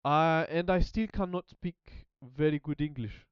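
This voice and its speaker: A man chatting casually as a language-learning streamer, halting and repeating words while he searches for them. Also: on the high side, clear, resonant tone, dry recording, dull audio. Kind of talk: casual rambling chat.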